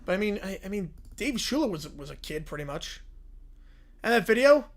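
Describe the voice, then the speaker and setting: A man streaming live, reacting to a video with jokey, deadpan asides. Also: high-pitched, moderate pace. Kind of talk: livestream reaction chat.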